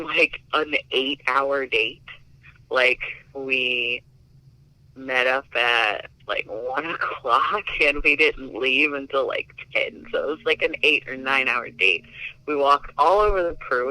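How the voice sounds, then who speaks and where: A man recounting a personal story in a relaxed, chatty interview. His tone is very bright and forceful, and his talk is loose and full of fillers. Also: medium pitch, dry recording, poor audio. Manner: chatty, filler-heavy with many likes. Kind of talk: casual storytelling.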